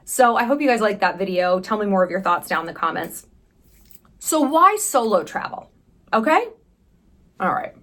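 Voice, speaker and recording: A woman in her thirties from the United States, chatting candidly in a travel vlog, sarcastic and quick with profane asides. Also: mid-range voice, sing-song, fairly bright tone. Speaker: vlogger. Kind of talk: casual travel vlog chat.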